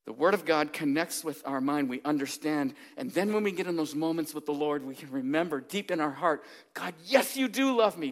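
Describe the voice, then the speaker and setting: Earnest guy preaching, kinda high voice, gets quiet then loud and pushy. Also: normal speed. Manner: earnest and emphatic, swinging between hushed and raised passages. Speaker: pastor. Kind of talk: sermon.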